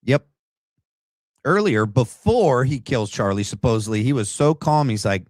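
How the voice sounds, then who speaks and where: A man's voice: medium pitch, expressive, measured pace, a little mellow, no room sound, studio quality. A man hosting a reaction commentary from his desk, sarcastic and rambling. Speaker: commentary host. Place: home desk setup. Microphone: desk camera mic.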